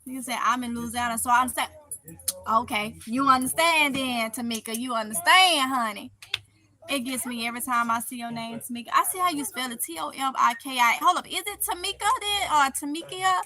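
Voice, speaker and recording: Talking briskly in a voice on the high side, a Mississippi-accented woman reads live chat comments during her stream, staying casual and animated and laughing frequently.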